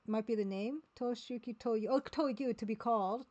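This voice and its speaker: A woman streaming a game live, talking casually and haltingly as she sounds out words one by one. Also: a little high, mellow, highs cut off.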